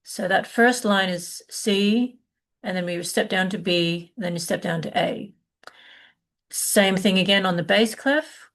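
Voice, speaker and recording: A middle-aged woman teaching a live online music lesson, explaining patiently with many fillers and restarts. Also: medium pitch.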